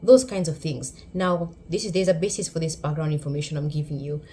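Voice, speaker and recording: A woman from Kenya with a Kenyan accent, speaking a little low for a woman. She gives a sarcastic, emphatic commentary for her vlog. Faint background noise runs under her voice. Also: steady tone, a little fast, dark tone. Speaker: YouTube commentator.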